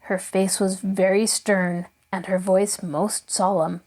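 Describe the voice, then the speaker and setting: A woman host reading a classic children's novel aloud in an expressive storytelling voice. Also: mid-range voice, slow, few pauses.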